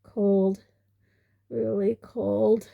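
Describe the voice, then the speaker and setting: A woman voicing a shaken, spoiled teenage boy who mumbles haltingly, in an audiobook reading. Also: mid-range voice, flat delivery, vocal fry, phone-quality sound, exaggerated voice.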